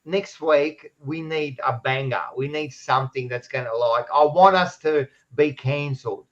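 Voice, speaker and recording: A man's voice: on the high side, normal speed, fairly bright tone, highs cut off. A man co-hosting a football podcast, rambling, teasing and swearing freely in casual banter. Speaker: podcast co-host.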